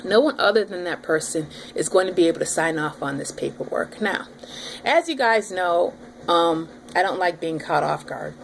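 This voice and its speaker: A pregnant woman in her thirties telling her audience a story in a casual, animated vlog. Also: lowish voice, moderate pace, creaky, slight background noise. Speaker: vlogger.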